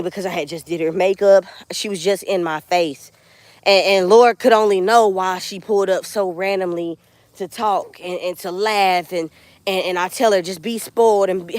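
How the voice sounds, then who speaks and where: A woman's voice: mid-range voice, darkish tone, dry recording. Earnest woman talking while walking outside. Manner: earnest, heartfelt, addresses viewers directly. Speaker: vlogger. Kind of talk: casual motivational live vlog. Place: outdoors in a rural backyard field.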